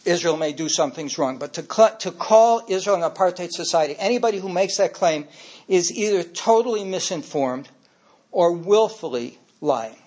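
A man's voice: high-pitched, animated, moderate pace, darkish tone. Older man telling stories in a speech. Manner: anecdotal, gets emotional while speaking. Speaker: speaker giving a talk. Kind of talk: personal storytelling speech.

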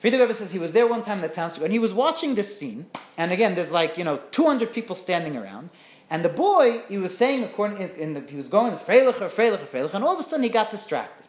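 A woman's voice: mid-range voice, quick pace. Woman telling a teaching story, roomy echo. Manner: animated, often asks "right?".

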